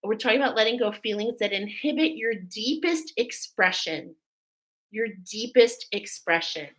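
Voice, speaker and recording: A woman's voice: a little high, animated, normal speed, poor audio. A middle-aged woman giving a spiritual oracle reading in a chatty, emotional way, often checking in with "okay?". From Irish Catholic family. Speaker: oracle card reader. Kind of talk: spiritual card reading, live.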